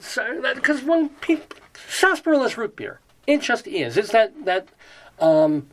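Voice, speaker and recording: A man hosting a casual show about dictionary words, rambling, joking and thinking aloud as he reads definitions. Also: a little high. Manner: chatty, digressive, jokey, thinks aloud while reading definitions. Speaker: host of a dictionary word show.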